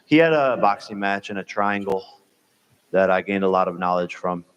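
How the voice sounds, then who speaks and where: A man's voice: low voice, animated, normal speed, smooth. A male fighter trash-talking an opponent at a press conference. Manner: cocky trash talk.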